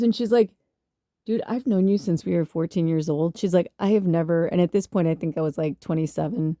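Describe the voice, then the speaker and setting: A woman's voice: medium pitch, fairly even intonation, brisk, mellow, no room sound, clean studio sound. A woman from the Chicago suburbs, telling a rambling, profanity-laced story on her spiritual podcast, full of fillers and laughs. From Chicago suburbs, US Midwest. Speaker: spiritual medium podcast host. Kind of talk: casual storytelling monologue.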